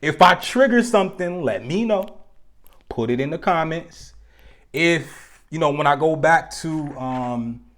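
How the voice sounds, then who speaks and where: A man at an everyday mid pitch hosts a live stream and talks straight to his viewers. He is loose and conversational, full of slang and quick jokes aimed at the chat. He slows right down whenever he wants a point to land. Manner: slows down to stress key points. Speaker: host of a live relationship talk show.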